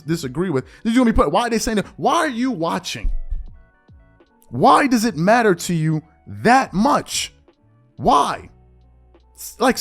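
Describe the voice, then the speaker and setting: High, lively man ranting exasperatedly. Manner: animated, exasperated rhetorical questioning. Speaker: sports show host. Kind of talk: opinion monologue.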